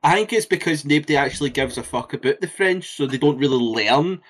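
A man in casual podcast banter who delivers dry, sarcastic wisecracks. His voice sits a little higher than most men's. He keeps an easy, deadpan tone. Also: a little fast. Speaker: podcast co-host. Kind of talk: casual chat.

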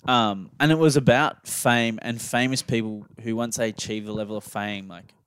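A man's voice: lowish voice, steady tone, moderate pace, fairly bright tone, clean tone. A young Australian man co-hosting a podcast, rambling casually with lots of fillers and restarts. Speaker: podcast co-host. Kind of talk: casual chat.

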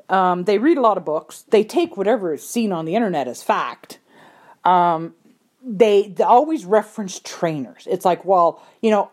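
A woman's voice: mid-range voice, a little mellow. A woman who sells horses, telling a story in a folksy, blunt way with mild swearing and acting out the people in it. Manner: acts out the voices in her stories. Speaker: horse trader. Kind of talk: casual storytelling.

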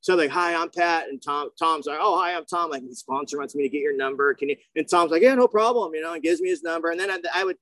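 A man telling his personal recovery story at a meeting, slangy and animated, acting out the voices of the people he quotes. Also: fairly high pitch, fast, few pauses, no echo. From grew up near the ocean.

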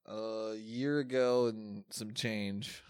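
A man's voice: lowish voice, fairly even intonation, slow, clean tone, no room sound, clean studio sound. A young man co-hosting a podcast, laughing often and joking crudely in casual chat. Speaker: podcast co-host.

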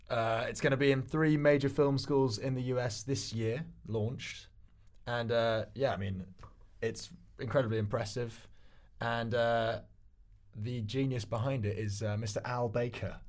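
A man co-hosting a casual pitch show, joking and reading notes aloud. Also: moderate pace, a little mellow. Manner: jokey, reads notes aloud, laughs often. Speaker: co-host. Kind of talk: casual panel chat.

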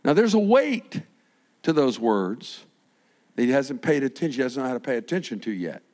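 Animated older man preaching a sermon. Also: mid-range voice, normal speed. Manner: animated storytelling, acting out voices, frequent restarts. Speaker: pastor.

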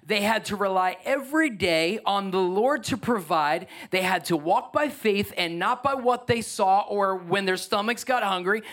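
A man's voice: sits high, lively intonation, normal speed, hardly any pauses, fairly bright tone. A man pastor preaching a sermon in a church, passionate and driving, firing rhetorical questions with casual joking asides. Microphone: microphone.

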